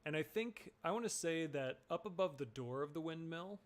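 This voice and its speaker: A man taking part as a player in a tabletop role-playing game, speaking relaxed with pauses. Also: a little high. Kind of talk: tabletop role-play chat.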